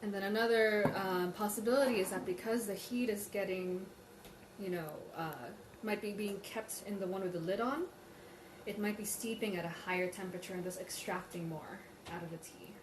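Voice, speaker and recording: A woman's voice: medium pitch, fairly even intonation, moderate pace, noisy background. Woman musing over tea in a roomy space. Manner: thinking aloud, musing, comparing tastes. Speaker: tea livestream host. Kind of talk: live tasting chat, reading viewer questions. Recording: roomy livestream audio with faint ambience.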